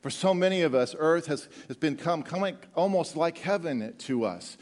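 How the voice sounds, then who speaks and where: A middle-aged man preaching a sermon, animated and joking with the congregation, often repeating words as he goes. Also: on the high side, normal speed. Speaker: pastor.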